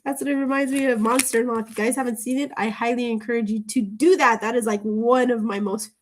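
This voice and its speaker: A woman's voice: on the high side, steady tone, fast talker. Chatty woman reading tarot, laughing often. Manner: rambling, laughs often between remarks; chatty, drifts into tangents. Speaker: tarot reader. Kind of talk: casual tarot reading to camera.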